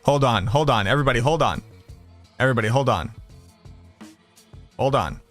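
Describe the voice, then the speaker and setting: A man's voice: medium pitch, lively intonation, moderate pace, fairly bright tone, soft background music. A man from the Boston area with a Boston accent, chatting casually and brashly with viewers on a game livestream, swearing and joking. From Boston area, USA. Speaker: game streamer.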